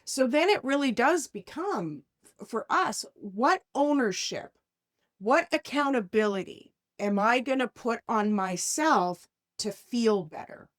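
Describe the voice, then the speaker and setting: A woman talks through a life coaching podcast in a casual, animated way. Her voice sits a little high, and she keeps the listener close with frequent "right?" asides and quick acted-out inner voices.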